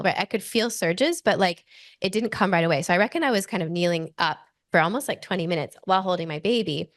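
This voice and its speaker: Australian woman in her forties, lower voice. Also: no room sound, studio quality. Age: 40s. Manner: animated, breathless retelling full of "like" fillers. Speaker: podcast guest. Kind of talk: personal storytelling in conversation.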